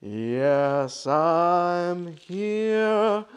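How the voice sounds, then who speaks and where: A man voicing a grandiose male supreme deity with booming, theatrical proclamations. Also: lively intonation, extremely slow, smooth, exaggerated voice.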